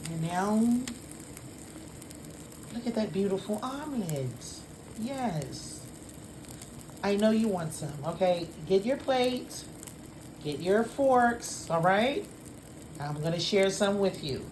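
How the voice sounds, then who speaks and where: A woman's voice: mid-range voice, expressive, measured pace. An older woman chatting playfully through a home cooking video in her kitchen. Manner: chatty, playful, breaks into song. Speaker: home cook vlogger. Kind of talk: casual cooking vlog. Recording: echoey kitchen with cooking noise. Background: cooking sounds, sizzling pan.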